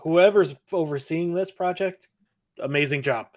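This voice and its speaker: Chatty man with a higher voice, laughing often. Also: moderate pace. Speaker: podcast co-host. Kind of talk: casual chat recapping a TV episode.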